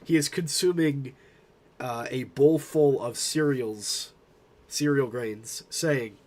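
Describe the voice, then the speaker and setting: Young male streamer hosting a joke slideshow, unhurried mock-grand narrator delivery. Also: mid-range voice, a little mellow. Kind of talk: mock-formal meme slideshow commentary.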